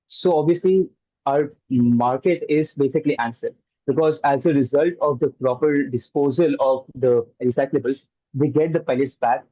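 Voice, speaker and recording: A man's voice: mid-range voice, mellow, no room sound. Man answering judges, dull sound. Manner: explains at length with many uh fillers. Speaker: hackathon team member pitching.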